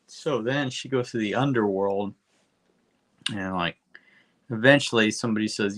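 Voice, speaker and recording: A man co-hosting a podcast, rambling through a comic book recap with lots of swearing and quick character asides. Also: lowish voice, fairly bright tone. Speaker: podcast co-host.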